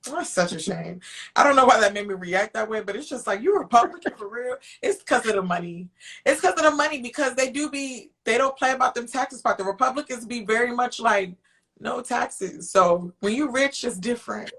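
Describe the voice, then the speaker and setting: A woman co-hosting a podcast, animated and opinionated in casual chat. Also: fairly high pitch, fairly quick. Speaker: podcast co-host.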